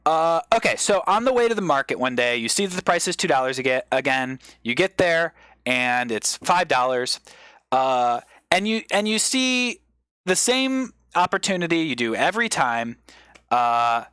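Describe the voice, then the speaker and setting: A male comedian on a live stream, giving an improvised mock lecture as a rambling explainer with sudden excited bursts. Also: fairly high pitch, normal speed, smooth, dry recording.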